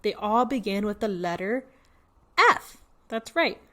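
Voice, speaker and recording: A young woman reading a picture book to children, pausing to point at pictures and ask questions. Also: medium pitch, big pitch swings, a bit bright. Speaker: storytime reader.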